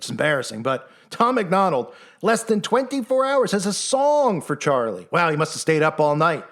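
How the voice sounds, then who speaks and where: Sarcastic male commentator, fairly high voice, animated monologue. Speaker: online commentator.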